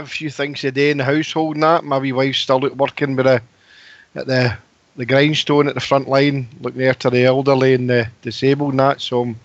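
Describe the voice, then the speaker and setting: A man's voice: mid-range voice, dry recording. A man calling into a radio show, friendly and chatty. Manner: friendly, chatty, says wee and pal. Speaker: caller. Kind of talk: casual radio phone-in chat. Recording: dry lo-fi phone-in audio.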